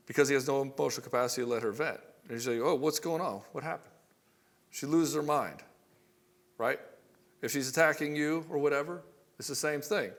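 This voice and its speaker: A blunt, middle-aged male relationship coach talks straight to the listener in a casual monologue, swearing freely and slipping into the voices of quoted arguments. His pitch sits in the ordinary male middle. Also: vocal fry, a bit bright.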